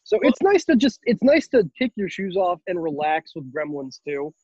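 A man's voice: high voice, big pitch swings, normal speed, a little mellow, lo-fi sound, slight background noise. A man co-hosting a casual film podcast, rambling and joking and often cutting himself off mid-sentence. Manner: rambling, jokey, self-interrupting. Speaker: podcast co-host.

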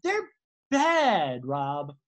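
A podcast co-host telling rambling stories in casual chat, full of fillers and restarts, and swooping high when excited. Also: very slow.

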